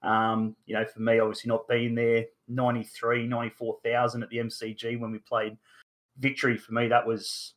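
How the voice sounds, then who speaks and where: A man's voice: medium pitch, fairly bright tone. An Australian man in his thirties hosting a casual sports podcast, rambling with lots of fillers and the odd mild swear. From Newcastle, Australia. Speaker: podcast host.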